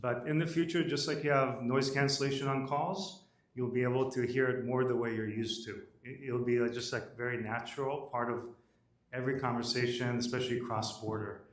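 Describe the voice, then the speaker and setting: Founder pitching in a roomy hall. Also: male voice, steady tone. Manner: brisk, matter-of-fact, frequent "uh" fillers. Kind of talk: live startup pitch. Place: event room at a pitch night. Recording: roomy audio from a distance.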